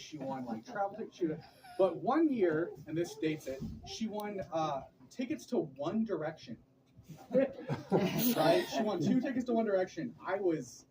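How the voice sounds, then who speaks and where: A man in his thirties telling lively, laughing stories about his late mother at a memorial gathering. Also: high-pitched. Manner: animated, laughing anecdotes. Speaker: eulogy speaker. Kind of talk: storytelling at a memorial. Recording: distant and noisy room recording.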